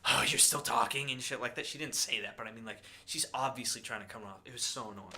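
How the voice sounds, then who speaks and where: Young male podcast co-host, bright voice, casual rambling chat. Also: mid-range voice, fast. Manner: rambling, lots of fillers and impressions.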